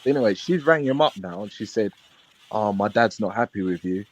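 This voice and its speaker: A man's voice: lowish voice, lively intonation, a little fast. A man telling a rambling story in street slang on a live panel stream. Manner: rambling, street slang, acts out quoted dialogue. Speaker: panel guest. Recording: dull lo-fi stream audio.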